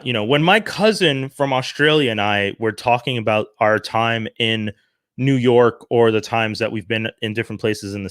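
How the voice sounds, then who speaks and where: A man from Canada giving an earnest, animated opinion monologue, often restarting his sentences. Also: mid-range voice, dry recording, studio quality. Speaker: commentary vlogger.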